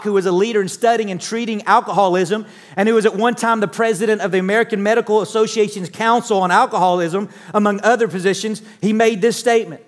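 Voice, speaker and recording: A man's voice: high-pitched, in a large hall. A man preaching a sermon as pastor, conversational, often checking in with his listeners and sometimes restarting words. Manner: conversational preaching, frequent "all right?" check-ins, some stammered restarts.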